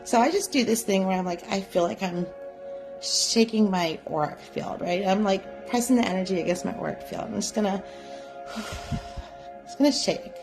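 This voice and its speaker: Gentle woman teaching a psychic class. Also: medium pitch, normal speed, music in the background. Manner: gentle, coaxing, repeats "right?". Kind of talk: guided live class instruction.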